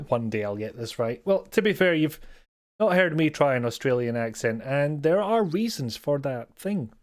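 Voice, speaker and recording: A man with a Scottish accent and a higher, very animated voice at normal speed chats casually to viewers while game streaming from a home desk mic setup. He rambles, pokes fun at himself, and chuckles often.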